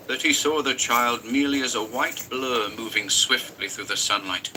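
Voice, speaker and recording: A man with a fairly low voice reads a horror story aloud in an intense, dramatic way. His narration carries a clear hiss of background noise. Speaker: story reader.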